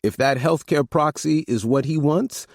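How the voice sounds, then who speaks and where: A man reading an audiobook, voicing the measured eldest brother who leads the family. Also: on the high side, no room sound, clean studio sound, voice pushed up.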